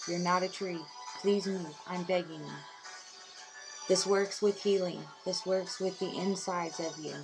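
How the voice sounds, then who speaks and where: A woman's voice: fairly low pitch, fairly even intonation, a little slow, poor audio. A woman speaking as a self-styled healer, earnest and insistent, repeating mantras over and over. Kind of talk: inspirational monologue. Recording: loud music behind voice. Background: music.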